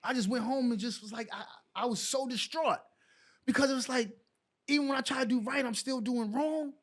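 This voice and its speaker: An extremely high-pitched, brisk voice belongs to a middle-aged former pro basketball player guesting in a casual interview. Animated, he acts out the exchanges he recalls while telling his stories.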